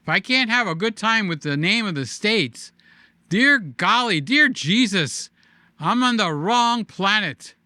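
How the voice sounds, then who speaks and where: A man with a high, bright and clear voice hosts a casual live-stream, reading out viewer comments. He talks slowly and teases in a playful, jokey way. His words get drawn out and sing-song. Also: animated, no echo, clean studio sound.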